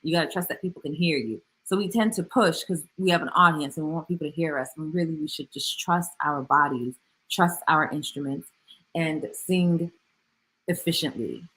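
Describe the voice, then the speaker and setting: A woman vocal coach answering viewer comments in a casual livestream Q&A, chatty and animated, with slangy asides and playful jumps up into a much higher voice. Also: moderate pace.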